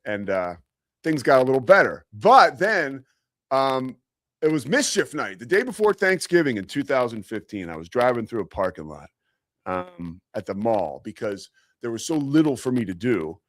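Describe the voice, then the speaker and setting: A man's voice: mid-range voice, no room sound, clean studio sound. Rambling, self-deprecating male sports host. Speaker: sports talk show host. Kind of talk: casual storytelling monologue.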